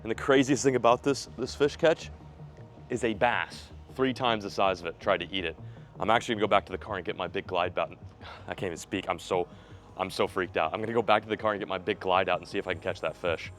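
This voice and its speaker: Young male fishing vlogger, low voice, excitable and chatty, outdoor riverbank, faint music behind. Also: fast talker. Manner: excitable, bursts into loud yelling when fish appear. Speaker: fishing video host. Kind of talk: casual on-camera fishing vlog. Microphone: camera mic, filmed by a camera operator.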